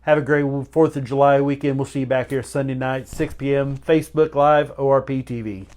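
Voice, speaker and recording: A man's voice: medium pitch, steady tone, fairly quick, darkish tone, a little hiss or hum. A man hosting a livestream show, signing off in an earnest, heartfelt way and repeating his warnings. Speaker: show host. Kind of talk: casual livestream sign-off.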